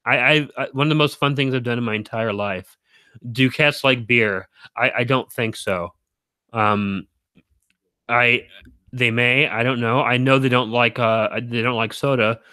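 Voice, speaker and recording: A man's voice: medium pitch, fairly even intonation, measured pace, sharp tone, clean tone, no echo. A man streaming to his viewers in casual livestream chat, rambling and correcting himself, with frequent chuckles.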